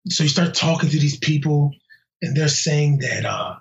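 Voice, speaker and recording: A police officer being interviewed in a casual way, talking bluntly and heatedly with slang and halting restarts. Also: male voice, on the high side. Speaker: police officer interviewed about a violent attack. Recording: muffled lo-fi audio.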